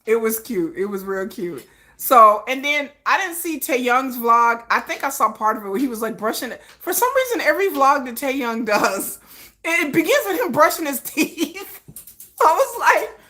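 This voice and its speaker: A woman's voice: sits high, sing-song, normal speed, pushed and bright. A woman hosting a casual livestream, chatting and laughing often and greeting viewers in the chat. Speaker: livestream host.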